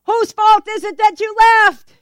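A woman pastor preaching a sermon in a church, animated and acting out the voices of the people in her story, laughing often. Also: very high voice, unhurried, no echo, studio quality.

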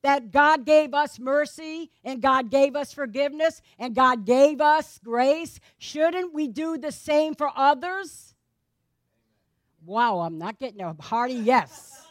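A woman's voice: high-pitched, slow, no echo, clean studio sound. A woman preacher giving a sermon in a conversational way, questioning the congregation with playful asides.

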